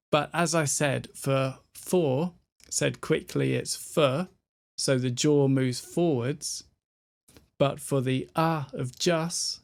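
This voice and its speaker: A British man gives a pronunciation lesson, shaping each sound slowly and deliberately. His voice is gravelly and low-key, and he takes his time. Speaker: pronunciation teacher.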